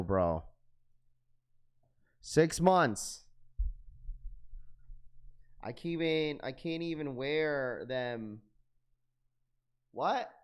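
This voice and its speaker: A man hosting a sneaker livestream, talking casually to chat in heavy slang. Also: a little high. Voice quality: slangy, says "bro" often.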